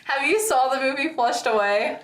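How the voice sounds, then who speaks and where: A woman's voice: sits high, moderate pace, fairly bright tone. A young adult woman on a stream, chatting casually with plenty of laughing, slang and filler words. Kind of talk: casual chat. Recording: echoey room.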